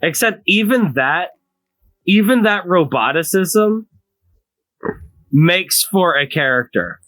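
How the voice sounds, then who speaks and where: A podcast co-host in relaxed, playful conversation. The voice is bright and slow-paced, with lively pitch that rises and falls a lot. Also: low-quality recording. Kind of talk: casual chat.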